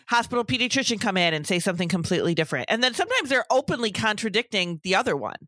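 Very fast and sharp-toned, this middle-aged podcast co-host's medium-pitched voice swings widely in pitch, recorded cleanly in a studio with no echo. She works in breastfeeding support and vents emphatically about her pediatric office job.

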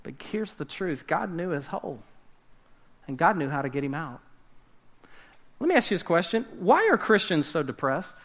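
A man preaching a sermon, animated, swinging between loud emphasis and hushed, dramatic drops. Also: a little high, moderate pace, long pauses. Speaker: pastor.

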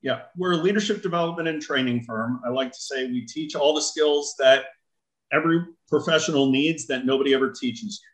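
A man's voice: mid-range voice, poor audio. A middle-aged man, a guest in an interview, telling a story and acting out the dialogue in it. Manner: animated, acts out quoted dialogue. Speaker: guest, leadership training firm owner.

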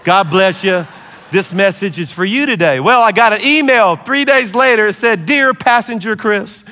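A middle-aged man, a pastor, preaching a sermon with lively storytelling and laughter, easing into a soft, slow prayer. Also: sits high, slight background noise. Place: large church hall.

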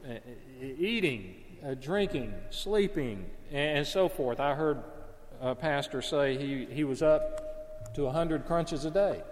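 A man's voice: fairly high pitch, lively intonation, slow pace, big-room sound. A man preaching a sermon in an earnest, conversational way, sometimes stopping to correct himself. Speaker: pastor.

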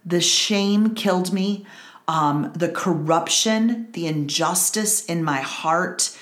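A woman's voice: fairly low pitch, slow pace, roomy sound. A middle-aged woman hosting a Bible study, giving an earnest personal testimony and repeating phrases for emphasis.

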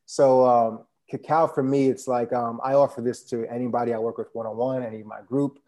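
A man's voice: medium pitch, little pitch movement, fairly quick, mellow. A man chatting casually as a podcast guest, laid-back and rambling with many fillers. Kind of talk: casual conversation.

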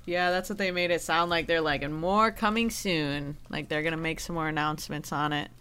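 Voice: mid-range voice, level tone, fast, pushed and bright, clear, resonant tone. Upbeat enthusiastic podcast co-host. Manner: upbeat, enthusiastic, uses slang. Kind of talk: casual chat.

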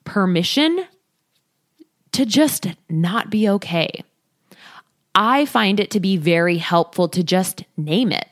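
A woman hosting a talk, coaching listeners in an earnest, expressive way and acting out their inner voices. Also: fairly low pitch, slow pace, no echo, clean studio sound. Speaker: podcast host, body image coach. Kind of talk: casual motivational talk.

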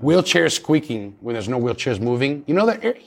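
A man's voice: medium pitch, sing-song, normal speed, vocal fry. A man talking as a paranormal investigator guest in a casual interview, chatty and rambling with many restarts.

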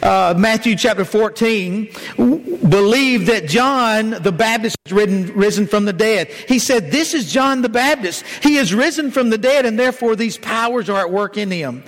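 A man's voice: sits high, normal speed, hardly any pauses, big-room sound, rough recording. A man preaching a sermon, citing scripture verses and putting rhetorical questions to the congregation.

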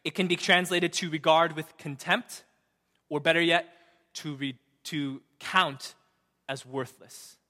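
Bright-voiced young male pastor in a hall. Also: on the high side, steady tone, measured pace. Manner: emphatic, asks the crowd "right?" often, swings from loud to hushed. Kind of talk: sermon. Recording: long reverb of a large hall.

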